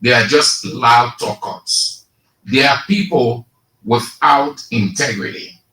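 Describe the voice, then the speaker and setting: A man with a Liberian English accent hosting a radio talk show, giving slow, sarcastic political commentary and reading statements aloud. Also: mid-range voice, bright, forceful tone, reverberant, rough recording.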